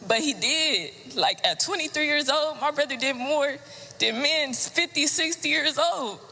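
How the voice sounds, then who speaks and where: A woman's voice: high voice, expressive, a little slow, sharp tone, slight background noise. A young woman giving a heartfelt, tearful eulogy for her brother in a large church. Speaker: eulogist, older sister. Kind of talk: funeral eulogy. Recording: long church hall reverb.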